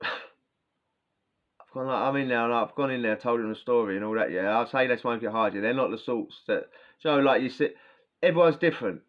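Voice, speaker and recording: Man, storyteller type, loose and sweary, mid-range voice, low-fi camera audio. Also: normal speed, muffled recording. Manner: rambling, slangy, swearing, frequent "yeah?" tags. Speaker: vlogger recounting prison stories. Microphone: camera mic, talking to camera.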